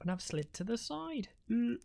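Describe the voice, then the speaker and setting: A woman's voice: fairly high pitch, very animated, moderate pace, creaky, mellow. A woman casting a live strategy game match in a loose, rambling way, swearing freely and laughing at her own jokes. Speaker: esports caster. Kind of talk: casual live game commentary.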